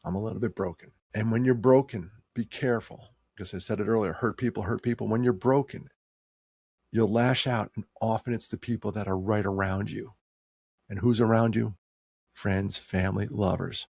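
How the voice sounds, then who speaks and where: A man in his sixties, tearing up, shares a personal story in a heartfelt, conversational way, leaning on certain words with rising emphasis. His lowish, gravelly voice has a husky edge and a darkish tone, with fairly even intonation at a normal speed. The recording is dry and close, with no room sound.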